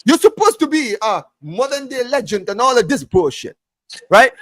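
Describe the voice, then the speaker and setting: A man hosting a casual football podcast, ranting in an animated way, swearing often and restarting his phrases. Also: very high voice, normal speed, no room sound. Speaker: podcast host. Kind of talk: heated casual football chat.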